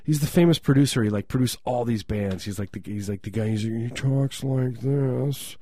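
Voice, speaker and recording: Deadpan low-voiced radio co-host man. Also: fast talker, slight background noise. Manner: deadpan, sarcastic, rambling. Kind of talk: casual deadpan radio banter.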